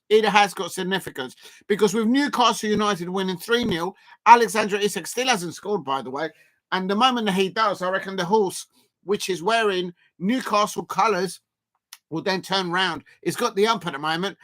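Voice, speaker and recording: A live-stream host giving rambling, casual football watchalong commentary, shouting out chat viewers and bursting into excited shouts at chances. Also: medium pitch.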